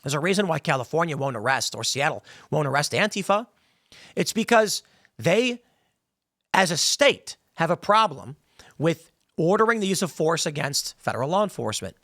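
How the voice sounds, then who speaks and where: A man's voice: a little high, lively intonation, moderate pace, a bit bright, no echo, studio quality. A man hosting a political commentary show, talking in an emphatic, heated way and slipping into mocking voices when he quotes people. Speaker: podcast host.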